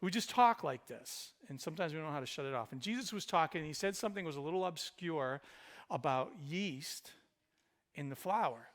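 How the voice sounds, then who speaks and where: A male pastor preaching a sermon, swinging between loud emphatic passages and quiet, intimate ones. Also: fairly high pitch, animated, fairly quick. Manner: speaks in Jesus's voice to the listener.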